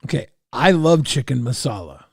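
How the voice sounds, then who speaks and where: A man streaming live, reacting to clips with brash jokes and loud rhetorical questions. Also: mid-range voice, sing-song, moderate pace, creaky, soft background music.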